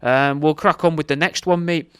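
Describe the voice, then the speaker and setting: A man's voice: on the high side, steady tone, moderate pace, a bit bright, clean tone, no echo, studio quality. A British man casually plugging his show as podcast host, laid-back and matey.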